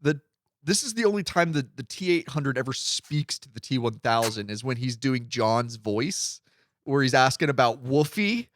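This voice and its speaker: Animated man chatting on a podcast. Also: medium pitch, moderate pace, dry recording. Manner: rambling, animated, acts out quotes. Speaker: podcast co-host. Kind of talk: casual podcast chat.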